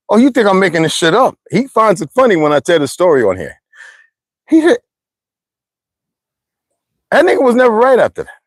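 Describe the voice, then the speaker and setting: A man telling rambling, profane stories in a casual monologue, full of asides and sudden swings from low mutters to high exclamations. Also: dry recording. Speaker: channel host.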